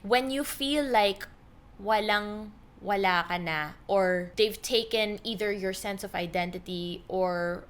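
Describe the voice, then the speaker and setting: A woman with a Filipino accent hosting a podcast interview, lively and mixing English with Tagalog. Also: mid-range voice, slow, clear, resonant tone. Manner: animated, switching between English and Tagalog. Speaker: podcast host. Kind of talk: conversational interview.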